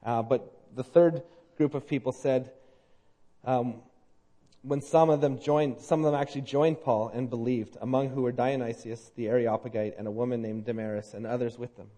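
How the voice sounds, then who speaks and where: A man preaching a sermon, moving between loud emphatic declarations and quiet earnest appeals to the congregation. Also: medium pitch, fairly even intonation, moderate pace. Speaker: pastor.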